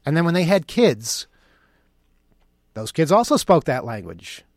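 A man's voice: a little high, very animated, unhurried, dry recording, clean studio sound. A man delivering an opinion monologue in a sarcastic, mocking tone. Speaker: commentator.

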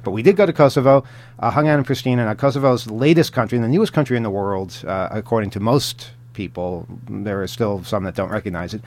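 A man's voice: on the low side, fast talker, a little mellow. A man co-hosting a podcast, telling travel stories in casual chat, rambling with many fillers and restarts and chuckling often. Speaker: podcast co-host.

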